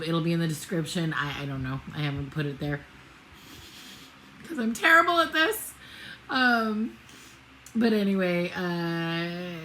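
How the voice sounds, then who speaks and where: A woman's voice: lowish voice, fairly bright tone, slight background noise, rough recording. A middle-aged woman vlogging casually about her road trip, digressive and self-deprecating, with many fillers and restarts. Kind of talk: casual rambling vlog.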